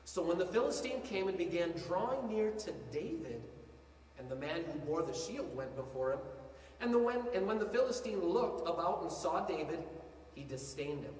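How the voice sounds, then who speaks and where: A man preaching a sermon as pastor, animated, swinging between quiet asides and loud bursts. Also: sits high, moderate pace, slight background noise. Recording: echoey hall from far off, faint ambience.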